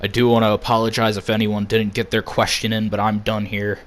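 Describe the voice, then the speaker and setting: A man's voice: on the low side, flat delivery, brisk, a bit bright. A man cutting a profane, ranting in-character wrestling promo.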